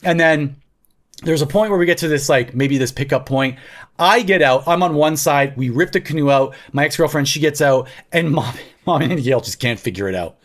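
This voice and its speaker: A man in his thirties telling a story in a casual podcast chat, full of fillers and loud acted-out quotes. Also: fairly high pitch, normal speed. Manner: animated storytelling with frequent filler likes, shouting quoted lines. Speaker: podcast co-host.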